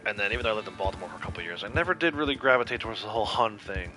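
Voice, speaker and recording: A man's voice: on the low side, expressive, very fast, soft background music. A man with a Connecticut accent chatting casually and rambling easily as he streams a game. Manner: laid-back, rambling, chuckling. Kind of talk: casual chat while streaming gameplay.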